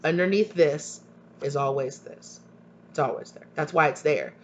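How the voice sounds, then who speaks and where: A man's voice: on the high side, moderate pace. A man giving a tarot reading to viewers, talking earnestly and emphatically, often repeating himself and asking pointed questions. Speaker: tarot reader. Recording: dull lo-fi recording with faint hum.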